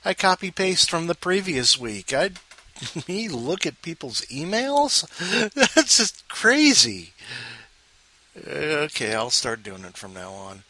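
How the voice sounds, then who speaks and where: Lively, bright-voiced male podcast host. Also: fairly high pitch, slow pace. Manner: self-mocking, rambling asides. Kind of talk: casual chat.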